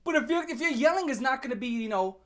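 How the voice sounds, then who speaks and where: A woman's voice: high voice, lively intonation, fast. A woman ranting in commentary, heated and mocking, rambling with many restarts. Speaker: commentary ranter. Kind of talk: rant commentary.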